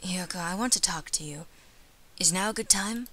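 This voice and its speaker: A woman doing a soft, sad boy dove. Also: fairly low pitch, normal speed. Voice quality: soft, hushed, half-whispered. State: slightly hoarse from a cold. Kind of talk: game voice-over reading.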